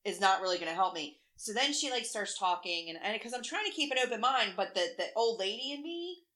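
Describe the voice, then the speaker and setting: A woman's voice: medium pitch, expressive, a little fast, sharp tone. A woman in her forties telling stories in casual podcast chat, blunt and profane, acting out what people said. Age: 40s. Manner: blunt, profane storytelling with acted-out quotes. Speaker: podcast co-host.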